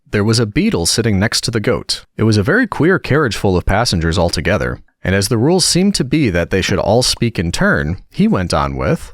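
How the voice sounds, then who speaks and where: A man reads a relaxing audiobook in a gentle, expressive way. His pitch moves very freely, and the recording is close and dry, with no room sound. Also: moderate pace, few pauses, dry recording. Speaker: audiobook narrator.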